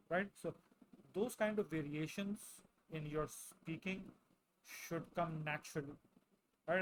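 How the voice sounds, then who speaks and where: A man teaching an English exam class, speaking slowly and deliberately and often checking in with "right?". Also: fairly high pitch, slight background noise, low-quality recording. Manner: slow, deliberate delivery with frequent "right?" tags. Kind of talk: explaining and demonstrating speaking answers.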